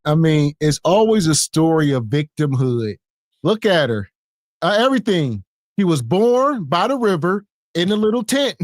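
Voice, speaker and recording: A man's voice: on the high side, sing-song, normal speed, no room sound, studio quality. A man co-hosting a podcast, making wry, sarcastic jokes in reaction commentary. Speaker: podcast co-host.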